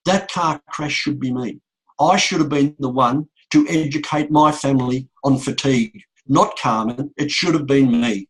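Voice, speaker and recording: A middle-aged man, a motivational speaker, telling a painful story to an audience in a slow, repetitive way with emphatic pauses. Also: mid-range voice, slightly rough, low-quality recording. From Australia. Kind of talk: emotional speech to an audience.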